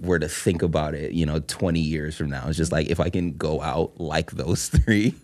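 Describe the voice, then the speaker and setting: A man's voice: rumbling low, steady tone, moderate pace, hardly any pauses, a little mellow. A man co-hosting a film podcast, chatting enthusiastically, swearing casually and restarting his sentences. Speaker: podcast co-host. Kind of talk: casual chat.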